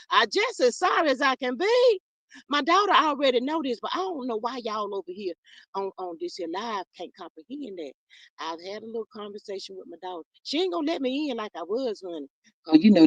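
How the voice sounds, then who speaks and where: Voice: mid-range voice, dry recording. A performer voicing a defensive, folksy older mother who rambles and calls everyone honey, chatting in character on a livestream. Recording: slightly muffled dry livestream audio.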